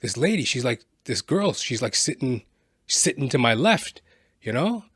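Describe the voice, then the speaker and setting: A man vlogging, telling a personal story in a casual, animated way and constantly checking in with the listener. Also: mid-range voice, moderate pace, slightly rough. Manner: animated, keeps adding "right?".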